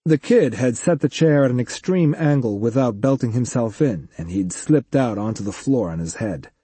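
A man reads a story aloud in a scripted, expressive narration. His voice is dark, mellow and slightly husky, with lively swings in pitch. The recording is close and dry. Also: normal speed, no room sound. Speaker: audiobook narrator.

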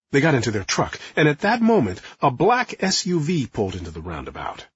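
A man narrating a nonfiction audiobook in a lively, expressive manner. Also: mid-range voice, fairly quick, few pauses, slightly rough, no echo, muffled recording. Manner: lively, acting out quotes.

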